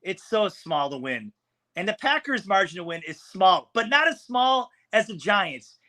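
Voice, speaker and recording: A man co-hosting a sports talk podcast, bluntly breaking down a football game. His tone is forceful and bright, and his voice sits a little high for a man. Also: big pitch swings, measured pace. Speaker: podcast co-host.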